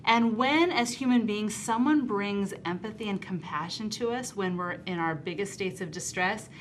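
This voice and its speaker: A woman talking as a guest on a talk show about parenting, lively, acting out soft soothing words to a child. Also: mid-range voice, normal speed, slight background noise.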